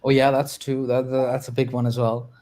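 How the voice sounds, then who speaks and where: A man with a middle-pitched voice, co-hosting a podcast in loose chat over a call. He teases his partner and drops in quick playful remarks. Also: level tone, mellow. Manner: teasing, playful, quick interjections. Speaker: podcast co-host. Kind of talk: casual chat. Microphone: computer mic on a call.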